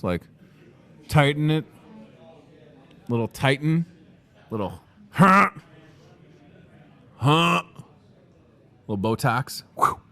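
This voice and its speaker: A young man hosting a grocery store's daily video, energetic, jokey and rambling, recorded in the store. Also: mid-range voice. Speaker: host.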